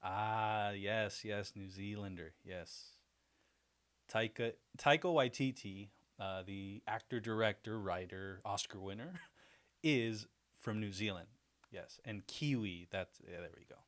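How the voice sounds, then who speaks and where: Slow and on the low side, this livestream host's voice carries easy, self-deprecating chatter. He laughs often while talking with his viewers.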